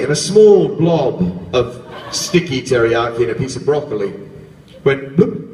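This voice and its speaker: A man's voice: a little high, moderate pace, a little mellow. A man on a convention panel, telling a wry, self-mocking story to the crowd. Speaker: panel guest actor. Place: large convention hall. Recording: echoey hall, distant mic, background noise.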